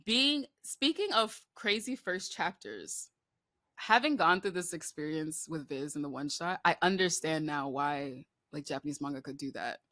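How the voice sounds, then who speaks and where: An American horror manga artist, appearing as a podcast guest, tells stories in an animated, casual way, packed with "likes," fillers, and bursts of laughter. Her voice is deep, at normal speed, in clean studio sound with no room noise.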